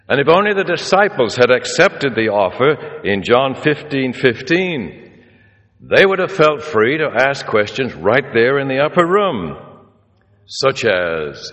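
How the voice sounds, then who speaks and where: A man's voice: mid-range voice, big pitch swings, a little slow, a bit bright. A male preacher telling stories in a sermon, acting out the people he quotes. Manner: storytelling, acts out the people he quotes. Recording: reverberant hall.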